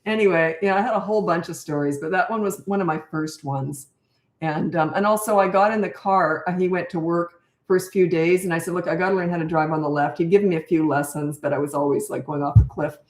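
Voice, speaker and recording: A fairly low-pitched woman with a darkish tone speaks at a fairly quick pace, her voice echoing in a roomy space. She's a Canadian parenting coach in her 60s, a chatty storyteller who answers viewer questions casually and tends to drift off into long, laughing tangents.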